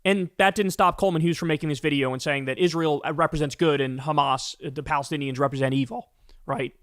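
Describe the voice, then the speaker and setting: A man's voice: a little high, steady tone, a little fast, fairly bright tone, no room sound, clean studio sound. A man hosting a political commentary show, ranting angrily and emphatically with lots of profanity.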